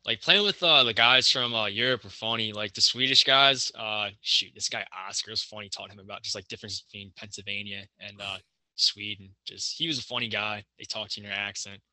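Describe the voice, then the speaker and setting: A man's voice: lowish voice, fairly quick, pushed and bright, no echo. A young man, a college hockey player, chatting casually on a podcast and rambling with lots of fillers and restarts. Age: young adult.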